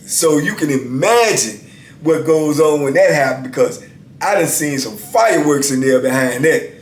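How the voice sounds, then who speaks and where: A man's voice: a little high, expressive, moderate pace. A man in his fifties casually telling stories as a channel host, laid-back and peppering his talk with "man" and "you know what I'm saying.". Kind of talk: casual storytelling. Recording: echoey room with faint background hiss.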